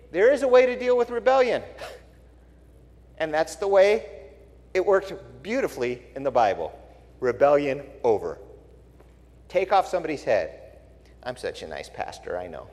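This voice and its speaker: A man's voice: fairly high pitch, moderate pace, pauses often. A male pastor giving a sermon, telling stories bluntly and with wry asides. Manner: blunt, wry, animated storytelling. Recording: long reverb in a large hall.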